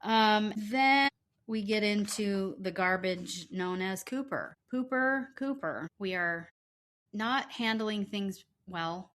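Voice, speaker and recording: A woman's voice: medium pitch, fairly bright tone. A woman co-hosting a podcast, casually recapping a reality show and readily agreeing with her partner. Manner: agreeable, quick affirmations, recaps plot points. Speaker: podcast co-host.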